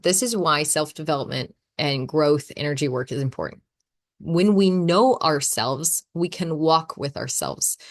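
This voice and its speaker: A woman in her thirties hosting a casual solo podcast, talking in a chatty, animated way and laughing often. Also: low-pitched. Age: 30s. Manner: chatty, animated, acts out her own quotes. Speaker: podcast host.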